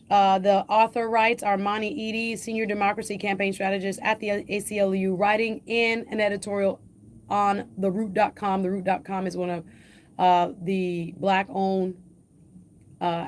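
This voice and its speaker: Woman show host, Jamaican accent, mid-pitched voice, reads an editorial aloud with emphatic slowed stresses and adds her own comments. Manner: emphatic, slows and lifts pitch on key phrases.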